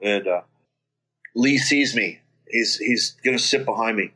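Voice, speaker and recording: A middle-aged man, a guest singer, telling a profane, animated story in casual chat with many restarts. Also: medium pitch, unhurried, slightly rough.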